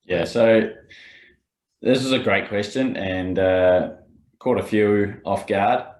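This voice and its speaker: Guy co-hosting a podcast, low voice, echoey room, explains things step by step. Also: takes it slowly, darkish tone. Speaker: podcast co-host and rules expert. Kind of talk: casual podcast chat, explaining. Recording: roomy echo.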